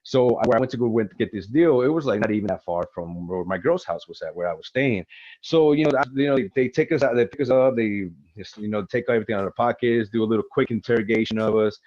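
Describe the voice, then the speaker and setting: Male interview guest, animated swearing storyteller; dry, slightly muffled recording. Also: fairly low pitch, fast, no room sound. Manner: profane, animated retelling with acted-out quotes. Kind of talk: casual storytelling.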